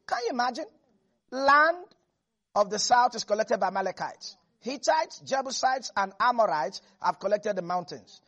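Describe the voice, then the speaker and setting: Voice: mid-range voice, lively intonation, normal speed, fairly bright tone. A preacher delivering a sermon in an emphatic style, repeating phrases and chuckling between points.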